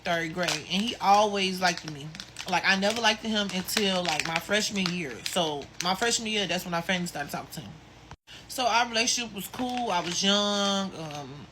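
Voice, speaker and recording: A woman's voice: mid-range voice, background noise. A woman venting about a long relationship, speaking bluntly with casual slang and cursing. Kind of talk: venting storytime. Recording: faint room ambience.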